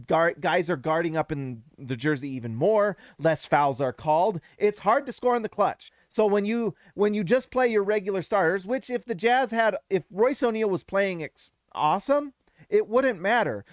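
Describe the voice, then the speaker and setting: A man hosting a live basketball reaction stream, talking emphatically and getting louder as he gets hyped, his voice going hoarse. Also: high-pitched, moderate pace, dry recording. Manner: animated, emphatic, rises to shouts when hyped. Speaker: basketball show host.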